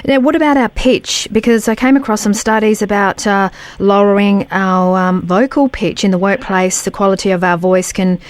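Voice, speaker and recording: A woman's voice: medium pitch, steady tone, moderate pace, few pauses, no echo. A woman hosting an interview, talking in a conversational, agreeable way. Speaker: interview host.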